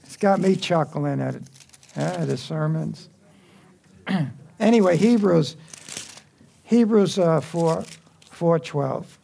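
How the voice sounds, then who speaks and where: A man's voice: a little high, animated, slow, creaky, long pauses, darkish tone, slightly rough. A man preaching a sermon in a church, talking conversationally with quips and asides to the congregation.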